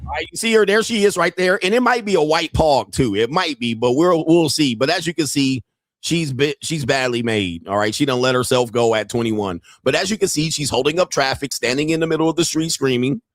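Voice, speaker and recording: A man hosting a dating talk show, commenting casually on a viral clip with crude jokes, laughing and getting excited. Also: fairly high pitch, fairly quick, no room sound, clean studio sound. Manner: crude joking, laughs at his own lines; excitable, rising into shouts.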